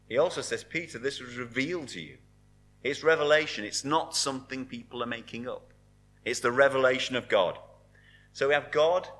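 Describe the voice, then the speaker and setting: A man preaching a sermon with a bright, forceful tone. His pitch rises and falls in a lively way. He speaks earnestly and sinks to a hushed hold on the words he wants to stress. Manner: earnest preaching, dropping to soft emphasis on key words.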